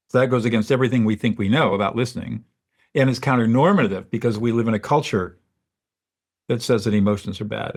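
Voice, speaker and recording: A man, a mediator and podcast guest, explaining his approach in a measured, teaching way, laying it out in clear steps. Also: fairly low pitch.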